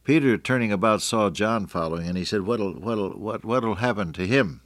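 An older man preaching a radio sermon, earnest, often slowing and dropping to a near-whisper for emphasis. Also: on the low side, dry recording.

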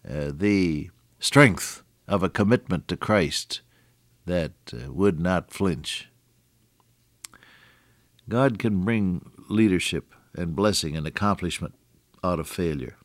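Deep-voiced older man preaching. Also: no room sound, clean studio sound. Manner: folksy, earnest, with stories and asides to listeners. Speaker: radio preacher. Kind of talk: radio sermon.

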